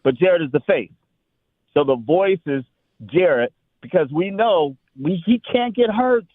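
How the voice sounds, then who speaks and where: An emphatic man phones in to a sports talk show, circling back and repeating himself as he argues. His voice sits a little high. The call comes through thin and phone-like, with no room sound. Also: animated, measured pace, dry recording. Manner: emphatic, repeats words while building a point. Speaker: caller. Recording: tinny phone line.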